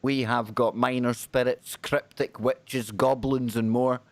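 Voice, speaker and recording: A man's voice: medium pitch, measured pace, no echo. Chatty male talk host. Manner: chatty, jokey, energetic banter. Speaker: radio and stream host. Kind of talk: casual paranormal talk show.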